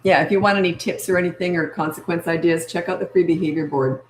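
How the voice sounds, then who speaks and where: A woman's voice: lowish voice, steady tone, fast, echoey room, a little hiss or hum. An older woman and parenting coach answering viewer comments on a live stream, chatty and emphatic, repeating her key points.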